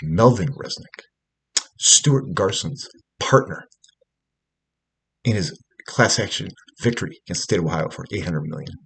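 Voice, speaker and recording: Gravelly, husky-voiced man ranting. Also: low voice, lively intonation, normal speed, long pauses, fairly bright tone. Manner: profane, agitated, rambling with many fillers. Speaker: storyteller recounting personal events. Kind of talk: rambling spoken monologue.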